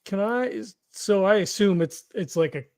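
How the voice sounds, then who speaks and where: A man's voice: sits high, expressive, moderate pace, darkish tone, dry recording, studio quality. A man playing a tabletop horror game, talking through his moves aloud with restarts and fillers. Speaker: player. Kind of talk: casual tabletop game chat.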